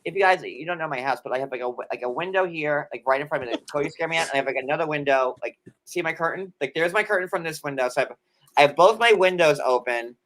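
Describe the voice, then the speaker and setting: A man's voice: a little high, racing, a bit bright. A man hosting a casual livestream from a desk at home, talking in a chatty, sarcastic way full of "like". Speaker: host.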